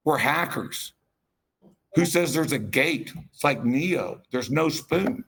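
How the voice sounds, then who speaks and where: A man's voice: a little high, animated, takes it slowly, fairly bright tone, slight background noise. A man giving a passionate, rambling conference keynote with self-deprecating asides. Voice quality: gravelly, husky. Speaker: keynote speaker.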